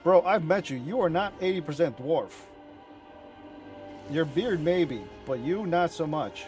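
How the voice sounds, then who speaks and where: A man chatting casually as he reacts to game cinematics, excitable, rambling and profane. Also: a little high, unhurried, soft background music. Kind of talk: casual chat.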